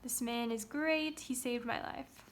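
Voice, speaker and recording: A commanding, generous king from a storybook tale, voiced by a woman telling the story. He talks in an easygoing, modern way rather than in stiff royal speech, and the voice sits high. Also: unhurried, slight background noise, close to an everyday voice. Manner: casual, modern-sounding speech.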